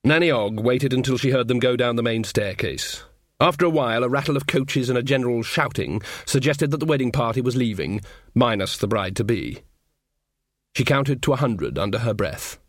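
A man reading an audiobook in a dry, measured storytelling style. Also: mid-range voice, lively intonation, no echo. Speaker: audiobook narrator. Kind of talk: scripted narration.

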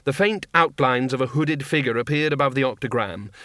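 A man narrating a comic fantasy audiobook in a measured, dry storytelling manner. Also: mid-range voice, bright, forceful tone, dry recording.

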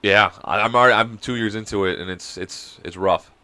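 A young man co-hosts a casual podcast chat over a video call while sick with a cold. Speaking fairly quickly in a clean tone, he tells animated stories and breaks into high laughter.

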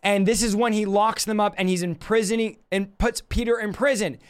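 Fiery high-voiced preacher shouting. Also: male voice, steady tone, clean tone. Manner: shouting, passionate, fast bursts. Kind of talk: fiery sermon.

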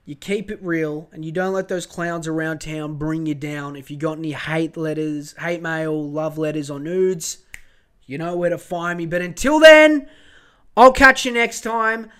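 A man's voice: on the high side, little pitch movement, normal speed, smooth. A man hosting a podcast, ranting heatedly and swearing freely in a casual monologue. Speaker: podcast host.

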